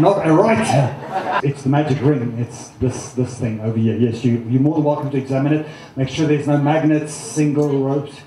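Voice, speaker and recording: A man performing as a stage hypnotist, teasing volunteers with loud, animated banter in a live comedy show. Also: medium pitch. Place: large theatre stage with audience. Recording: echoey theatre with loud crowd.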